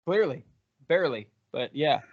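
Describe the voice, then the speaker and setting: A man's voice: on the high side, lively intonation, moderate pace. A man hosting an interview, putting in short remarks and clarifying questions. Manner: brief backchannels and clarifying questions. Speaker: interview host. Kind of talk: casual interview chat. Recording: dull lo-fi sound.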